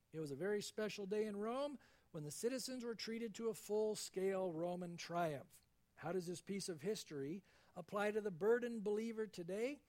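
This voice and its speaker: A man preaching a sermon, reading scripture aloud and retelling stories with dramatic, expressive delivery. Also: high-pitched. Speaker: pastor.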